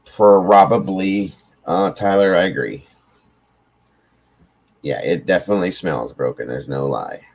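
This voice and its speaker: A man's voice: low voice, a little slow, pauses often, a little mellow, dull audio. A man hosting a late-night livestream, tired after hours on air, telling rambling, profane stories in casual chat. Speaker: livestream host.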